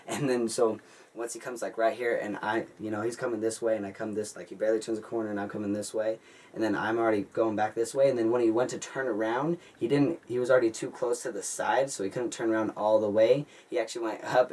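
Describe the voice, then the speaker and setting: Young man rambling a story, mic far. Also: fairly low pitch. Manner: rambling, excitable, heavy use of "like". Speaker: vlogger. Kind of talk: casual storytelling. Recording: distant mic with faint ambient noise.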